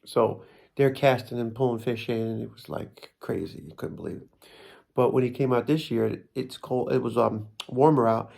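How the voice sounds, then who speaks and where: Brief: gravelly New Jersey guy, rambling comic storyteller who makes fun of himself. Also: mid-range voice, darkish tone. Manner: rambling, self-mocking, frequent restarts and laughs.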